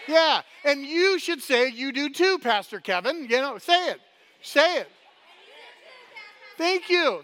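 High bright-voiced pastor guy preaching, chatty, lots of "right?", long echo in the hall. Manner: energetic, chatty, repeats "right?" often, stumbles and restarts. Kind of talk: sermon. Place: church hall.

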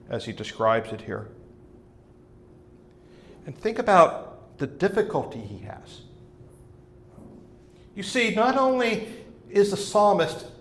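A man's voice: mid-range voice, reverberant, a little hiss or hum. A man preaching a sermon in an earnest way, leaning hard on key words as he explains a psalm. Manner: earnest, rising to emphatic stress on key words. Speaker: pastor.

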